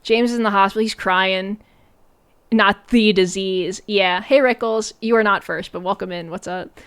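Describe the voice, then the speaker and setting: Woman, streamer, casual sarcastic commentary, lots of fillers, smooth clear voice. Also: mid-range voice, fairly even intonation, normal speed. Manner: chatty and sarcastic, many fillers and "like"s.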